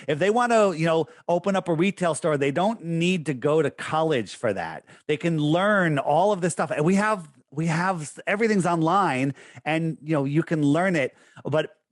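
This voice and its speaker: Guesting on a podcast, a man talks casually, losing his train of thought as he rambles and then pressing his opinions in a lecturing, emphatic way. His voice sits on the high side, and there's no room sound.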